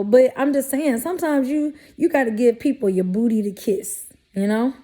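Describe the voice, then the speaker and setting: Sassy, blunt woman vlogger. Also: on the high side. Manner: sassy, blunt, animated with mock quotes. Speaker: vlogger giving life advice. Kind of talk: casual direct-to-camera talk.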